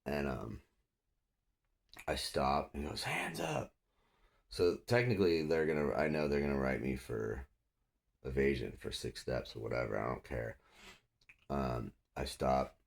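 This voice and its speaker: A man's voice: a bass voice, measured pace, creaky, long pauses. A man telling a story in a loose, casual way, swearing freely and acting out the other people's lines. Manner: profane, animated, acts out others' lines.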